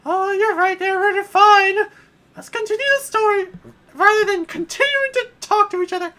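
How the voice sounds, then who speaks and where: A man voicing a prim, easily annoyed princess in a high, theatrical falsetto while playing a game. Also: moderate pace, sharp tone. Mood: huffy. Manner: shrill, theatrical, indignant. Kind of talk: let's play voice acting.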